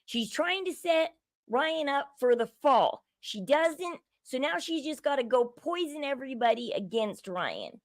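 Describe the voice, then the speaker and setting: A high-pitched woman talks through a reality show episode in an indignant, opinionated way, circling back and repeating herself as she builds her case. She speaks at an unhurried pace, and her voice sounds dry and close. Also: expressive, no echo. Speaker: show host.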